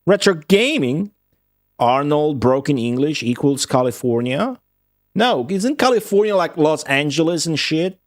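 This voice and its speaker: A man's voice: a little high, moderate pace, dry recording, studio quality, soft background music. A man with an Italian accent, a streamer rambling and swearing in casual chat with his viewers while playing a game. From Italy. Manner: rambling, profane, chatty with chat readers.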